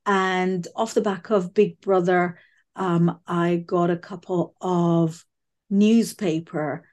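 A woman from the UK with a quirky, unusual voice, chatting loudly as a guest over a video call. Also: lowish voice, steady tone, slow pace. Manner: loud, chatty, laughs often. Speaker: guest psychic medium. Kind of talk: casual interview chat.

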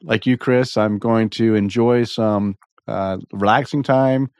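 A man's voice: fairly low pitch, slow pace, no echo. Congested male host, easygoing and chatty, dry close mic. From US Pacific Northwest. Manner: relaxed, chatty, with restarts and throat clearing. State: congested with a slight frog in the throat. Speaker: podcast host. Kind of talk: casual chat.

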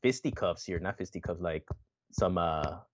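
A man's voice: low voice, moderate pace. Male podcast co-host, loose wrestling chat, swears a lot, acts out quotes, slightly dull lo-fi sound. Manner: animated, swears often, acts out quotes with laughter.

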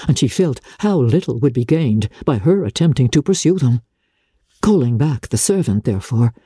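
Expressive woman narrating a classic novel. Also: very deep voice, breathy edge, dry recording, clean studio sound. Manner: measured, expressive storytelling. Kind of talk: dramatic reading of a classic novel.

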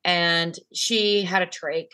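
A woman's voice: fairly low pitch, fairly even intonation, slow pace, bright, forceful tone, smooth. A woman hosting an interview, talking casually with lots of "like" and "you know" and getting emotional over a memory. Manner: gets emotional telling a memory. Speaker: podcast host.

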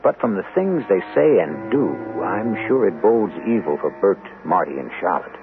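A man's voice: sits low, very animated, normal speed. A man hosting and narrating a radio mystery drama with wry, theatrical storytelling. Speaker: host and narrator. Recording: narrow-band old radio broadcast with music.

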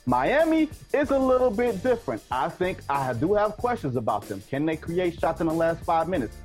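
A man's voice: a little high, very animated, moderate pace, darkish tone. A man giving brash, emphatic basketball opinions as a guest on a sports talk show, with faint music behind. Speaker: guest analyst.

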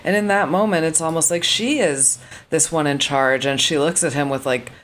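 A woman, a guest scholar, casually discussing a novel and acting out its lines in lively, shifting voices. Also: low voice, normal speed. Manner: animated, acts out quotes in shifting voices.

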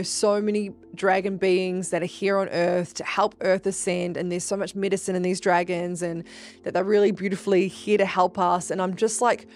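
A young woman hosting a podcast, telling spiritual stories in a casual, profane, animated way that jumps into excited shouts. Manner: animated, profane, bursts into high excited shouts when reenacting. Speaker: podcast host. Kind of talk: casual storytelling monologue.

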